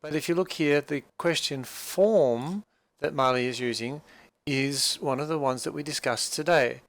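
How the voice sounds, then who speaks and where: A man's voice: a little high, a little slow, fairly bright tone, dry recording. A man teaching a language class, explaining a dialogue patiently with frequent fillers and restarts.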